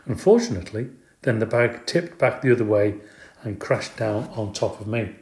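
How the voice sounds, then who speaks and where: A man narrating a children's storybook in an expressive, playful way. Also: lowish voice, normal speed. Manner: expressive, playful, does character voices. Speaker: audiobook reader. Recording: echoey room.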